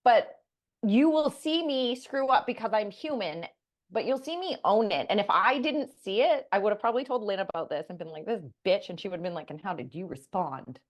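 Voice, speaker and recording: A middle-aged woman co-hosting a podcast, talking candidly and bluntly, animated and swearing freely. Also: mid-range voice, quick pace. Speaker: podcast co-host. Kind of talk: candid casual chat.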